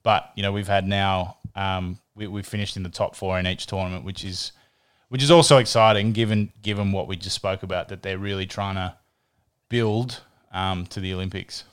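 Aussie guy chatting sport on a podcast, lowish smooth voice, keeps restarting his sentences. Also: steady tone, normal speed. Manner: chatty, repeats words while thinking. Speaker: podcast co-host. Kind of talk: casual sports chat.

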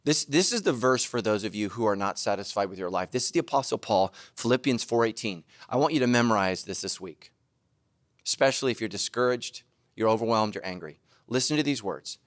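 Animated, laughing male preacher. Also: on the low side, a little fast. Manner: animated, joking and laughing at himself; bursts into loud shouted asides. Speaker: pastor. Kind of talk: sermon.

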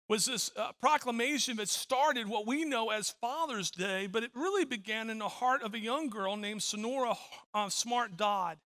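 A man's voice: extremely high pitch, sharp tone. A middle-aged man preaching a sermon as pastor, telling stories with frequent repeated words.

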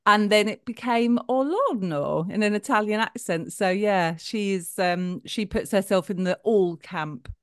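A middle-aged woman co-hosting a podcast, chatting in an animated way and laughing easily. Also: mid-range voice, moderate pace, hardly any pauses, clear, resonant tone, no echo, studio quality. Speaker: podcast co-host. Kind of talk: casual chat.

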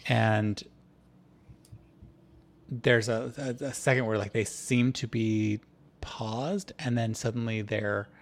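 A man narrating as game master of a tabletop game, describing the scene in a halting, drawn-out way. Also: fairly low pitch, steady tone, gravelly.

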